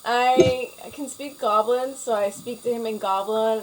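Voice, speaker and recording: A woman's voice: a little high, fairly even intonation, unhurried, a crowd in the background, rough recording. A woman playing in a tabletop game, casual, laughing and swearing a little. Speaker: player. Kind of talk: tabletop role-play over a voice call.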